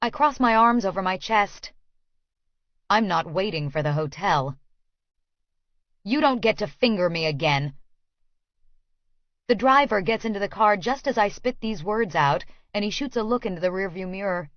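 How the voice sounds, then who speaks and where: A woman reads a first-person audiobook in a clear, expressive way. The sound is dry and a little dull, as in a small studio booth. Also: mid-range voice, normal speed, long pauses, no room sound. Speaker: audiobook narrator.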